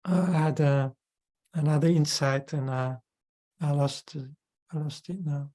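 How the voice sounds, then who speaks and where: Measured male Buddhist teacher. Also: on the high side, steady tone, mellow. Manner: measured and explanatory, with tag questions. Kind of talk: dharma teaching, answering questions.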